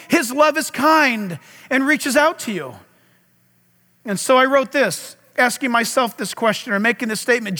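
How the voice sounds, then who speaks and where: Middle-aged male pastor, impassioned and loud, high bright voice, big reverberant church hall. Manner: impassioned, loud preaching with dramatic swings. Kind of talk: sermon.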